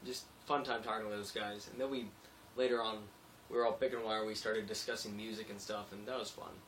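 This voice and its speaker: A young man with a lowish voice rambles through a late-night video diary and laughs easily. He sounds a little away from the mic, with faint noise behind him. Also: fairly even intonation, a little fast, a bit bright, distant mic. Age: young adult. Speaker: construction worker.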